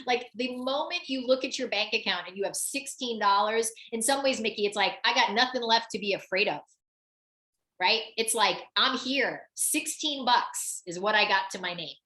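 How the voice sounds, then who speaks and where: A woman coaching a client live on a webinar, her voice fairly high and bright. She talks in an animated, emphatic way, leaning on "like" and repeating her key phrases. The sound is roomy and echoey. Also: normal speed. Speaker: business coach hosting a webinar.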